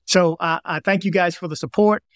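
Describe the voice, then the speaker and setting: A man's voice: high voice, fairly even intonation, brisk, fairly bright tone, dry recording, clean studio sound. A man from Washington, D.C., hosting a news vlog, talking casually and rambling straight to his viewers, often repeating himself. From Washington, D.C., United States. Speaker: vlog host. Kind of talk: casual direct-to-camera talk.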